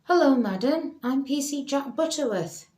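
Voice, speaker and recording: A man's voice: extremely high pitch, lively intonation, normal speed, darkish tone, voice pushed up. A woman voicing a formal male police constable, asking questions. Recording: roomy echo.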